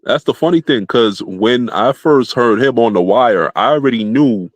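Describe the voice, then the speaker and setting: An American man hosting a live stream, talking in a relaxed, rambling way with many "you know what I'm saying" asides. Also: medium pitch, moderate pace, no echo. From United States. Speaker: stream host. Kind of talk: casual chat.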